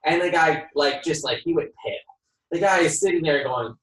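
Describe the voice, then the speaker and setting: A man who works as a home inspector, a guest on a podcast, telling lively stories, acting out the dialogue and laughing often. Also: on the high side, fast talker. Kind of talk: podcast interview storytelling. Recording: roomy sound from a distant mic.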